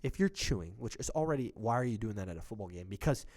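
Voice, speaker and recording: A man's voice: on the low side, lively intonation, fast talker, a little mellow. A man co-hosting a casual podcast, telling a heated story with lots of swearing and acted-out quotes. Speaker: podcast co-host.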